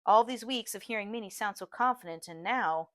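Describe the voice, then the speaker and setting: A woman reading a novel aloud in first-person narration, steady and earnest, close to the mic. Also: medium pitch, fairly quick, dry recording. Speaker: audiobook reader, teacher.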